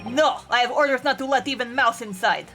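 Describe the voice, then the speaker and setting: A woman voicing a gruff, hostile male sailor who speaks broken English and barks orders, over game music. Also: fairly high pitch, brisk, bright, forceful tone.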